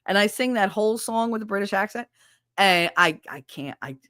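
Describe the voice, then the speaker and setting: An animated woman with a mid-range voice, pushed and bright, speaks at a moderate pace over clean studio sound with no room tone. She hosts a podcast from her home bedroom, chatting loosely with live viewers, swearing freely, laughing at herself often, and keeping things chatty and self-mocking.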